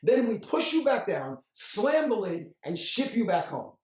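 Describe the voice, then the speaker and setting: A man voicing an angry male Argentine business partner, in a put-on Argentine Spanish accent and a slow, scolding, mocking manner. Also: sits high, sing-song, a little mellow, pitched above the performer's own voice. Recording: roomy echo, mic at a distance.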